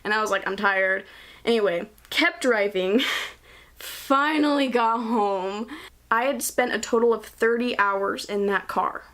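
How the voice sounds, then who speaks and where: Female vlogger in her 20s, slightly high voice, breezy and chatty. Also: fairly bright tone. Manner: chatty, breezy, laughs between phrases. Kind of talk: casual vlog storytelling to camera.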